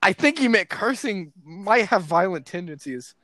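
A man's voice: high-pitched, big pitch swings, moderate pace, fairly bright tone, dry recording. A man co-hosting a casual podcast, joking around, swearing and laughing often, without his usual microphone. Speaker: podcast co-host. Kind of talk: casual chat. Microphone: not his usual microphone.

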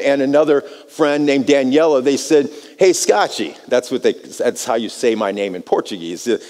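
An American man preaching a sermon, telling a personal story in an animated way and often repeating words as he starts a phrase. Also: mid-range voice. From United States. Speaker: pastor. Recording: long hall reverb.

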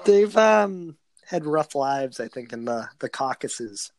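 A man's voice: mid-range voice, big pitch swings, measured pace, creaky, a little hiss or hum. A man co-hosting a podcast, running through fight news in a matter-of-fact way. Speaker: podcast co-host. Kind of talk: casual news rundown.

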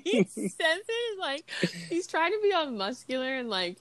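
A woman's voice: high voice, a little fast, hardly any pauses, dry recording. A young adult woman co-hosting a podcast, casually recapping movie scenes, laughing and swearing as she acts out the lines. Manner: laughing, profane, acts out quotes in animated voices. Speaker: podcast co-host.

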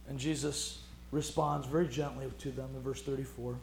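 A man's voice: on the high side, steady tone, normal speed, gravelly, reverberant, slight background noise. A man preaching a sermon in a conversational, emphatic way. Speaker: pastor.

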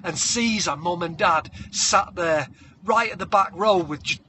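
A man, co-hosting a podcast and spinning an animated comic story, breaking into shouted character voices and hummed tunes. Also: high-pitched, a little slow, a little hiss or hum. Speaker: podcast co-host.

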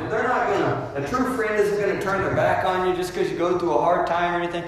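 A man preaching in a big church space, and his fairly high voice rings out through a very echoey hall with a long reverb tail. He is emphatic and conversational. A faint hum of ambience sits behind him. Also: quick pace, hardly any pauses. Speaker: pastor. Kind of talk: sermon.

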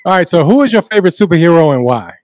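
A man's voice: on the high side, big pitch swings, very fast, a little mellow, a little hiss or hum. A man co-hosting a sports podcast, asking questions in a joking, teasing way. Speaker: podcast co-host. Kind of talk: playful podcast chat.

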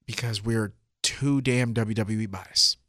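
Excitable man co-hosting a podcast. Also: lowish voice, no echo. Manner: quick agreeing interjections, chatty and excitable. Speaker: podcast co-host. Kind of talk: casual wrestling podcast chat.

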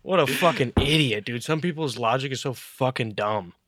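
A man's voice: mid-range voice, normal speed, a bit bright, dry recording. A man co-hosting a podcast, chatting casually with teasing, sweary jokes. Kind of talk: casual chat.

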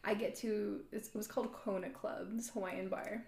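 In a roomy, echoing space, a woman in her thirties hosts a podcast and tells a story in relaxed conversation. Her mid-range voice is gravelly and a little mellow, with a steady tone and normal speed. She acts out quotes and laughs often.

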